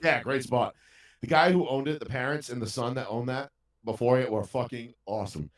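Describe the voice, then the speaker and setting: A man's voice: medium pitch, brisk. A man telling a story in casual podcast chat, ranting with heavy profanity. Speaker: podcast co-host. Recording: roomy sound from a distant mic.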